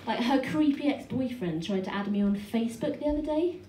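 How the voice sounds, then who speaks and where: A pregnant woman in her thirties performing a stand-up comedy set on a small club stage, with a dry, self-deprecating delivery full of quick restarts. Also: fairly high pitch, lively intonation, warm tone. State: heavily pregnant. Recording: echoey club room from far off, noisy.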